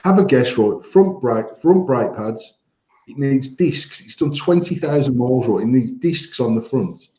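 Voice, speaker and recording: A man's voice: medium pitch, expressive, a little slow, mellow. A man co-hosting a livestream over his phone, telling blunt stories and swearing constantly. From England. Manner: heavy swearing, blunt anecdotes. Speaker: co-host of a vaping livestream. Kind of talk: casual storytelling banter. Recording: echoey dull phone audio.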